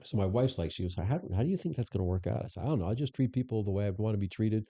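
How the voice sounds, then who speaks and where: Low dark-voiced man telling stories. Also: animated, rapid-fire. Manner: candid, anecdotal, frequent restarts. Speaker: former police superintendent, guest. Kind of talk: conversational interview storytelling. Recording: dull lo-fi podcast audio.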